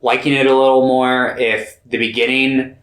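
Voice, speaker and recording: A young man co-hosting a casual film review chat in a relaxed way. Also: mid-range voice, normal speed, reverberant. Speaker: podcast co-host.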